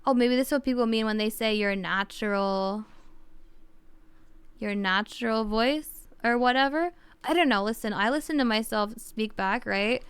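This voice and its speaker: A woman's voice: fairly high pitch, normal speed, smooth, no echo. A woman streamer chatting casually on a livestream, thinking aloud and rambling with lots of fillers.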